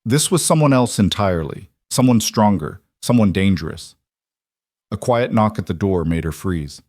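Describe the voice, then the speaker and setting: Male storyteller, measured scripted narration, low pitch, dry close recording. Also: animated, darkish tone, no room sound.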